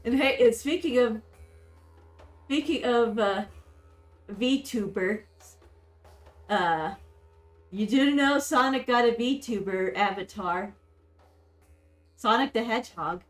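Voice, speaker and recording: A woman streamer chats casually with her guest, giggling and hyping things up as she goes. Her voice sits a little high and rings in an echoey room. Soft music plays faintly behind her. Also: takes it slowly, pauses often. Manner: giggly, hyped, restarts sentences often. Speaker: streamer host. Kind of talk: casual chat on an art stream. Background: faint background music.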